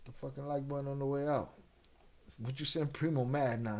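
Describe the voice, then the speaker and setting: A man's voice: medium pitch, steady tone, fairly quick, mellow. A man hosting a livestream, chatting casually with viewers and teasing them with loose, profane banter. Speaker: livestream host. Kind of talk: casual chat with live viewers.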